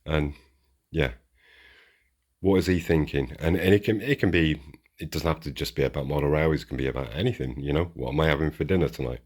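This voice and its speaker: Very deep, fairly quick, and a little mellow, this UK man's voice runs through a casual, rambling chat as he unboxes model trains for his railway channel. He frequently starts sentences over.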